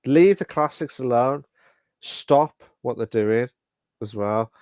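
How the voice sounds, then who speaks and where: Smooth-voiced man chatting casually. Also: mid-range voice, a little mellow, no room sound. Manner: halting, many fillers and restarts. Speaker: podcast co-host. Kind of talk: casual live-stream podcast chat.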